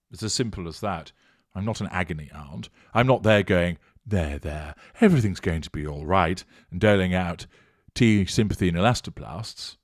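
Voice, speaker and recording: A man with a British accent, hosting a channel and answering viewer comments in a mocking, deliberate way. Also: fairly low pitch, no echo, clean studio sound. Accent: British English. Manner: sardonic, mocking, deliberate and measured.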